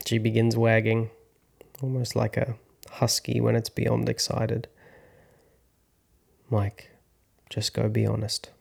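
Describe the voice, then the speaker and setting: Slow and reflective, a man in his 30s tells a first-person story in a low, gravelly, flat-toned voice. He works as an actor and podcast host.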